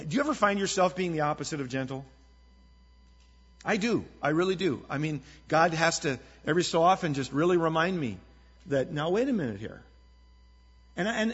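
A man preaching to a congregation in a husky, slightly high voice, earnest and conversational. The sound is dull and lo-fi, with a long reverb trailing off a large hall. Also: fairly bright tone. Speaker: pastor. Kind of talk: sermon.

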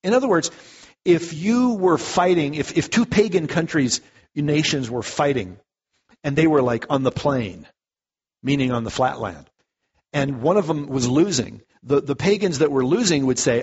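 A man preaching a sermon in a conversational, animated way, often restarting his words. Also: fairly high pitch, normal speed, slightly rough. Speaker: pastor. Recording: muffled echoey hall.

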